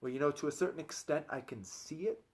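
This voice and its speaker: A man's voice: fairly high pitch, quick pace, darkish tone. A man in his thirties giving an earnest, opinionated vlog monologue, often tagging his points with "right?". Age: 30s. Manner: chatty, keeps tagging lines with "right?"; earnest, opinionated, repeats himself while he thinks. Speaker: personal trainer vlogger.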